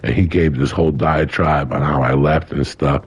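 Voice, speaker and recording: A man's voice: a bass voice, fairly even intonation, normal speed, slightly rough. A man in his sixties, a podcast guest telling a story in casual chat, blunt and profane.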